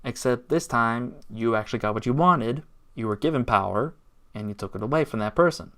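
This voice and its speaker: A man's voice: medium pitch, expressive, brisk, fairly bright tone. A man ranting in a casual vlog, aggrieved and sarcastic, taunting his target. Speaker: YouTuber.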